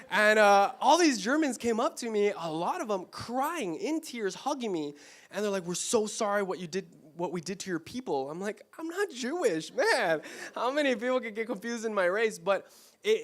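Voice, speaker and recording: A man's voice: high voice, a bit bright. A man from Mexico giving an informal, conversational church talk, full of rhetorical questions and self-corrections. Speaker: church speaker. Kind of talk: conversational sermon.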